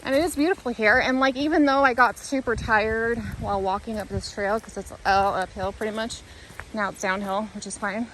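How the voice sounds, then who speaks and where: A woman's voice: a little high, fairly even intonation, a little fast, a bit bright, a little hiss or hum, rough recording. A woman talking to the camera while walking a hiking trail outdoors, thinking aloud in an earnest, rambling, reflective way. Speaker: vlogger.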